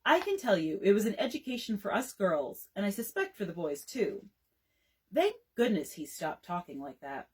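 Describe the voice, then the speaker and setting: Prim polite young lady, woman reading her from a storybook, bouncy and a bit husky. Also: medium pitch, sing-song, normal speed, darkish tone. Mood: amused. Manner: earnest, polite.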